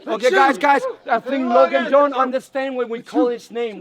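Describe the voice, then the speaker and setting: A man hosting a casual group vlog outdoors on a city street, excitedly urging his friends on and often laughing. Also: very high-pitched, moderate pace, few pauses, lo-fi sound. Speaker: vlogger host. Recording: loud crowd around the mic. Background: group of friends chattering.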